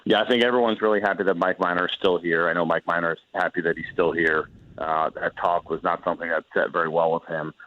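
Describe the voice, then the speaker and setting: A former pitcher in his forties, a man telling a long story in a relaxed way on a sports radio show, with quoted back-and-forth dialogue. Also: fast talker, dry recording, dull audio. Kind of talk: casual sports radio chat.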